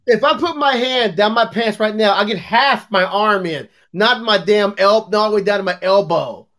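Man, high voice, joking, laughing, casual chat. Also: normal speed, sharp tone.

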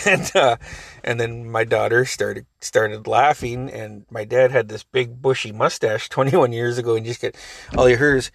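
A man's voice: mid-range voice, steady tone, a little slow, gravelly, no echo, clean studio sound. Rambling, laughing man telling a story. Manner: rambling, profane, laughs often. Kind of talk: casual personal storytelling.

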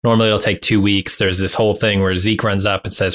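A man's voice: fairly low pitch, flat delivery, quick pace, a bit bright. A man co-hosting a podcast, casually summarizing plot points in a plain, blunt way. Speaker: podcast co-host. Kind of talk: casual TV recap chat.

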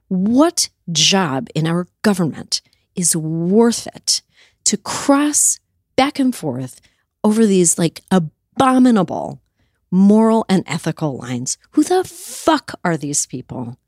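A woman's voice: lowish voice, very animated, a little slow, darkish tone, no room sound, studio quality. A woman host answering interview questions in a heated, emphatic, profane way, with bursts of indignation. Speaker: talk show host.

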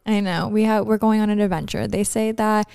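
A woman's voice: medium pitch, fairly even intonation, fairly quick, gravelly, a little mellow, smooth, dry recording, clean studio sound. A young woman hosting a podcast, chatting in a rambling, earnest way about her faith and daily life. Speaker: podcast host. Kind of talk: casual podcast chat.

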